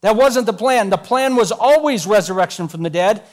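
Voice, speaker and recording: A man's voice: sits high, animated, moderate pace. A man preaching a sermon as a pastor, conversational and joking as he retells scripture in everyday words.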